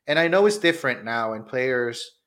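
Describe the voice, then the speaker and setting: A male podcast co-host from Honduras, speaking at a middle pitch in casual chat. He gives measured, thoughtful takes and often fills with "you know". His delivery stays calm and even.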